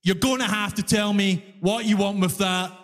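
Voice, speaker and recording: A man voicing a dull, deadpan male subway fare collector who sounds flat and unbothered. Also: high voice, moderate pace, in a large hall.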